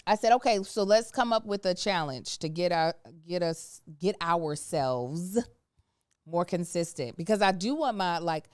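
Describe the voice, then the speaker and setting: A woman with a low, smooth and resonant voice talks candidly on her podcast. She tells stories with animated, slangy energy, and her voice sounds dry and close to the mic. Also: unhurried, no echo. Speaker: podcast co-host. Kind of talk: casual podcast chat. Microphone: studio microphone.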